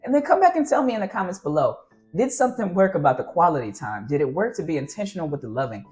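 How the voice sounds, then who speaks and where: A man's voice: high-pitched, very animated, quick pace, darkish tone, soft background music. A man vlogging casual, earnest advice on fatherhood, rambling and encouraging as he talks to his viewers. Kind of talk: casual advice talk to camera.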